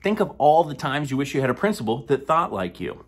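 A man's voice: medium pitch, big pitch swings, fairly quick, husky. A man hosting a comedic sponsored countdown, talking playfully with sudden whispered asides. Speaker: comedian host of a sponsored segment.

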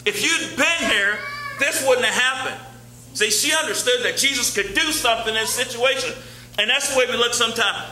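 A man preaching from the pulpit, chatty and repetitive as he works through scripture. His voice sits very high and sounds sharp and bright. The room echoes around him, with a faint hum in the background. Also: moderate pace. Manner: conversational preaching, repeats phrases, reads scripture aloud. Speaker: pastor. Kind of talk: sermon. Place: church sanctuary.

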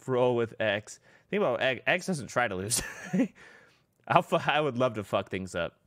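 A man's voice: medium pitch, big pitch swings, unhurried, a bit bright, dry recording. A young man chatting casually on a livestream, rambling and swearing freely. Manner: rambling, profane, exclaiming.

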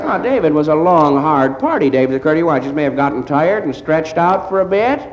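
A man's voice: fairly high pitch, lively intonation, fairly quick, few pauses, crowd noise. A man doing a stand-up comedy monologue as one side of a phone call, rambling groggy and sheepish with constant stammers and hesitations. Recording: roomy, dull, hissy old vinyl live recording.

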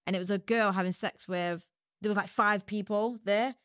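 A woman guest on a podcast, telling stories in a rambling way with quick asides and frequent laughter. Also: medium pitch, steady tone, no room sound, studio quality. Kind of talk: casual chat.

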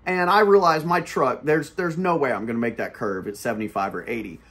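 A man hosting his channel, telling a story in a casual, animated, profane way. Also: mid-range voice, brisk, breathy edge. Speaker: channel host.

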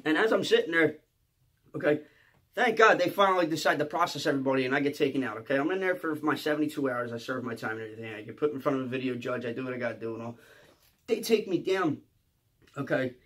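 A comedian from Philadelphia telling a comic story in a profane, excitable way, often stammering and restarting and checking in with "okay?". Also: male voice, medium pitch, fast talker.

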